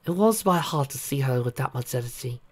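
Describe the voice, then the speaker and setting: A reader voicing a sensible female pony who speaks in a calm, measured way. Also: mid-range voice, pitched above the performer's own voice, natural voice.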